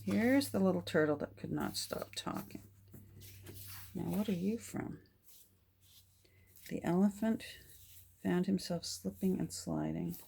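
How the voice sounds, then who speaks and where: Speaking unhurriedly on the low side, this older woman's slightly rough voice carries vocal fry as she pauses often over her thrift haul. Her casual show-and-tell is delighted, frequently dipping into soft whispers and gasps.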